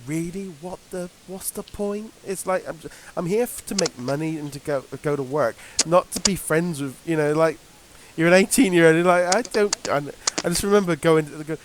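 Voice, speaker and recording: A man's voice: a little high, noisy background. A British man co-hosting a podcast in casual, rambling chat with lots of fillers and restarts. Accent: British English. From Britain. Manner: rambling, halting, many fillers. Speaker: podcast co-host.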